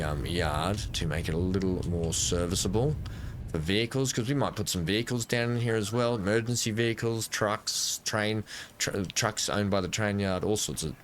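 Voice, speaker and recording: Let's-play host, man, somewhat low voice, rambling self-correcting commentary into a desk mic. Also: slight background noise. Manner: thinks aloud while building, self-correcting. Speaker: gameplay commentator.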